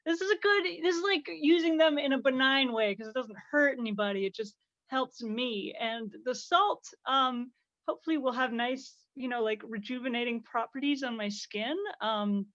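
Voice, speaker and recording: A woman's voice: high voice, normal speed, fairly bright tone, no echo. A woman comedian arguing her side in a casual comic debate, rambling and self-mocking. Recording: dull lo-fi call audio.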